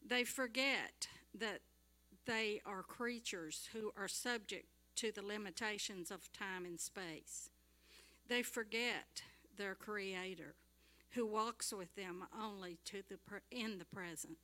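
Lady reading a devotional out loud in church, slow, bright clear voice. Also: mid-range voice. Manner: slow, measured reading aloud.

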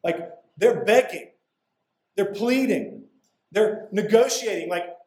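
A man with a high voice preaches in a conversational way, breaking into casual asides and leaning on emphatic pauses. His voice rings through a roomy, echoing church sanctuary. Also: animated, darkish tone. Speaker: pastor. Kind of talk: expository sermon. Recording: echoey room.

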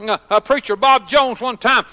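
A high-pitched, bright-toned older man preaches at an ordination service. He talks in a homespun, story-telling way, full of "uh" fillers. His voice carries with the long reverb of a church sanctuary. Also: normal speed. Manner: folksy, many "uh" fillers and storytelling asides. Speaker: pastor. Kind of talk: ordination sermon.

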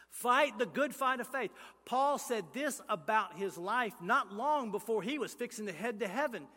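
A male pastor, preaching a sermon with emphatic, repetitive lines that swing between loud and hushed. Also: sits high, in a large hall.

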